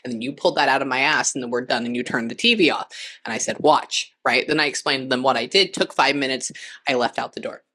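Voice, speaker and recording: A woman psychic medium, telling animated stories in a casual podcast chat. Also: very deep voice, quick pace. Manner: animated, acts out voices in stories.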